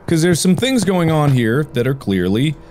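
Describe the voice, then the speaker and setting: A man hosting a gaming video, giving excitable running commentary and reacting aloud while he plays a horror game. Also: fairly high pitch, normal speed, noisy background. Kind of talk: let's play commentary.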